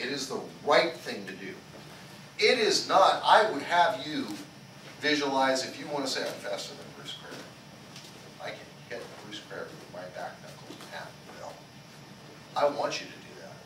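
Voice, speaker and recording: A man's voice: medium pitch, recorded from a distance. A male martial arts instructor teaching a small class, checking in with "okay?" after nearly every sentence, asking the group questions and leading them in chants. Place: karate school training hall. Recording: echoey hall recorded from afar with background noise.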